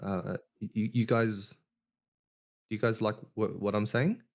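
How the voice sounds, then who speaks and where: A man's voice: fairly low pitch, fairly even intonation, unhurried, gravelly, pitched above the performer's own voice. A man imitating his timid younger schoolboy self, stammering with a rising, question-like inflection on every phrase. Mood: hesitant. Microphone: online voice call.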